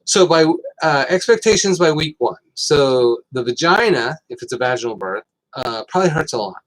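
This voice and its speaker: A middle-aged man hosting a casual health talk, telling stories with lots of fillers and getting animated. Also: mid-range voice, normal speed, rough recording. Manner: rambling, animated storytelling with fillers. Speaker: host.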